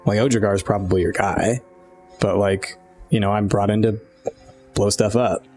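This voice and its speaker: A man running a tabletop game and talking in character, halting and full of fillers. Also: lowish voice, steady tone, darkish tone, soft background music. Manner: hesitant, filler-heavy, halting speech. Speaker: game master. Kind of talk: tabletop role-play.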